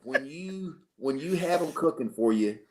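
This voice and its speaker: A man from Arkansas, a football coach telling lively stories as an interview guest. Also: fairly high pitch, moderate pace, a little hiss or hum. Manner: animated storyteller, acts out quotes. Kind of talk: storytelling in a radio interview.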